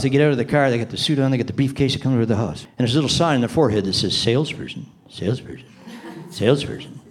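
A man's voice: medium pitch, darkish tone. An older man giving a sales training talk, chuckling often and acting out little scenes with quoted people.

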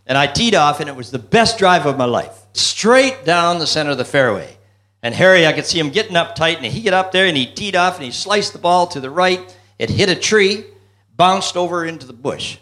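A man's voice: on the high side, expressive, brisk, bright, forceful tone. A man voicing a husband who comes home late from golf, pleading and explaining in a joke. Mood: recounting. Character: exasperated middle-aged husband, late golfer.

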